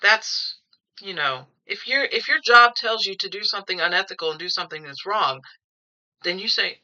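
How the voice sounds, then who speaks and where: Forceful, rambling woman reading tarot cards. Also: medium pitch, lively intonation, normal speed, highs cut off. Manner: rambling and opinionated, repeating words as she thinks. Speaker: tarot reader. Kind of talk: casual tarot reading commentary. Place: at home.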